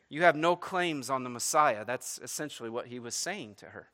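A man preaching a sermon, animated, breaking into dramatic pleading voices as he retells a story and checking in with "right?". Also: fairly high pitch, fairly quick. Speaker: pastor.

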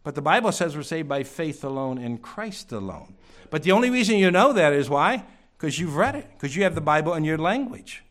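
A male preacher delivers a sermon in a church, his voice pitched a little higher than most men's. He works the room with rhetorical questions. He swings between loud, pressing lines and sudden quiet ones. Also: big pitch swings, a little fast.

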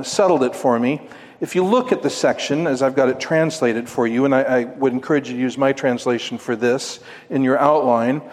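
A man teaching through a Bible passage, putting questions to his listeners and answering them himself. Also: on the high side. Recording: long hall reverb.

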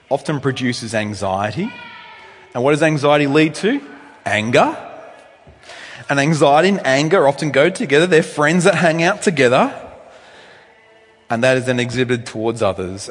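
A male pastor giving a conversational sermon with asides, swinging from loud, high emphasis down to soft, low tones. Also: normal speed, long pauses. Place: church hall. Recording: long reverb in a church hall.

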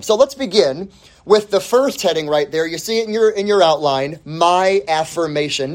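A man preaching an expository sermon, reading scripture and then teaching from an outline, with deliberate phrasing that lets the ends of phrases sink low and soft. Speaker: pastor.

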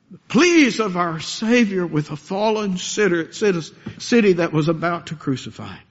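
A man's voice: high voice, very animated, unhurried, lo-fi sound. A man preaching a sermon as pastor, earnest and building to impassioned pleas.

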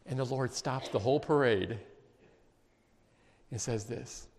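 A man preaching a sermon, emphatic and emotional, dropping to quiet intense passages. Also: medium pitch, measured pace, slight background noise. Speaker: pastor. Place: church sanctuary. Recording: long reverb of a large hall.

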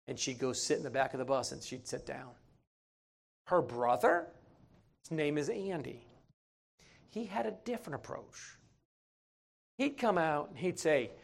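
A man preaching a sermon, telling stories in an animated, folksy way. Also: mid-range voice, normal speed, creaky, pauses often. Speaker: pastor.

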